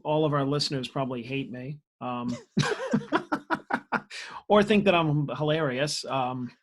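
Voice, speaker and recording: A man's voice: medium pitch, unhurried. A man co-hosting a podcast in casual chat. He jokes and mocks himself, and laughs a lot. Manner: joking, self-mocking, laughs a lot. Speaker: podcast co-host.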